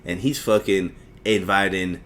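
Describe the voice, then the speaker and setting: A man's voice: low voice, steady tone, measured pace, a bit bright. A man in his thirties hosting a solo podcast, rambling freely with lots of swearing and self-mocking asides. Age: 30s. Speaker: podcast host.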